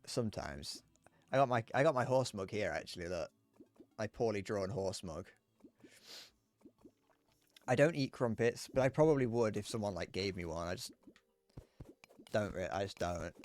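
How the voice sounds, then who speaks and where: Chatting casually with his live-stream audience while he games, a man from Britain speaks with a British English accent in a fairly low, slightly mellow voice. He's animated, at normal speed with frequent pauses, rambling crudely and restarting often as he answers chat. There's a little hiss or hum.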